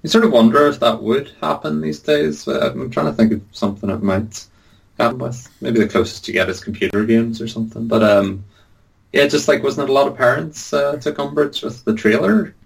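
Gravelly, breathy man speaking hesitantly. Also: mid-range voice, a little fast. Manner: hesitant, many fillers like 'like' and 'uh'. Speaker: podcast co-host. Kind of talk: casual film chat.

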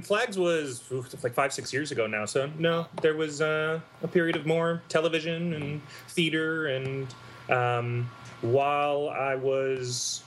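A man, an actor guest, telling animated anecdotes in a casual interview, laughing as he goes. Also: medium pitch, slight background noise. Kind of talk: casual storytelling.

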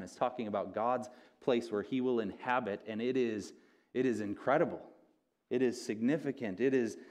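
Lower-pitched man preaching a conversational sermon. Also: darkish tone. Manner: earnest, conversational preaching with repeated restarts. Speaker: pastor.

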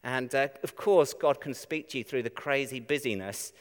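Man, preacher, conversational sermon, smooth resonant voice, long hall reverb. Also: mid-range voice, moderate pace. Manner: conversational, chatty with rhetorical questions. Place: church. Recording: echoey church hall.

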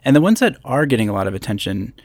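A man's voice: mid-range voice, very animated, very fast, no room sound. A man in his thirties from upstate New York, hosting a solo podcast from a hotel room on a podcast microphone with a pop screen, talking in a conversational way with self-deprecating asides. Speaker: podcast host.

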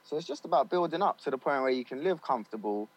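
Chatty studio engineer, slangy. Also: male voice, medium pitch, animated, quick pace, poor audio. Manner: loose and chatty, slangy, many fillers like "you know what I mean". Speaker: studio owner and recording engineer. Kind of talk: casual interview chat.

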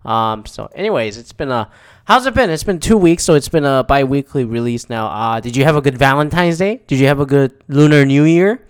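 A man's voice: medium pitch, expressive, a little fast, clear, resonant tone. A young man hosting his own podcast in casual solo chat, rambling and swearing, with lots of fillers and restarts. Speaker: podcast host.

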